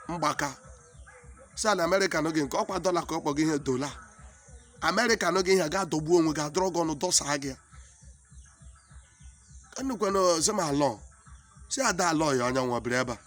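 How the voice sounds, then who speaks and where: A high-pitched Nigerian man tells a comic story in pidgin English, his Igbo roots showing through. He talks in an animated, exclaiming way and often repeats himself. Soft music plays faintly behind him.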